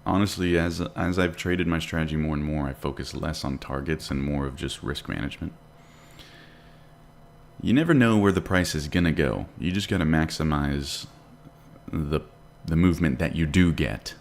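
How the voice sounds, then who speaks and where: A man's voice: very deep voice, moderate pace, gravelly, slight background noise. A man hosting a live day trading stream, chatting casually and answering viewer questions while he watches the charts. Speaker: day trading livestream host.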